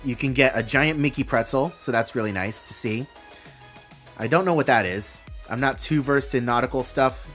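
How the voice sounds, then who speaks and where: Man, live stream host, casual rambling reaction, mid pitch, faint music behind. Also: moderate pace, a bit bright. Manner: rambling, thinks aloud with fillers, reads announcements aloud.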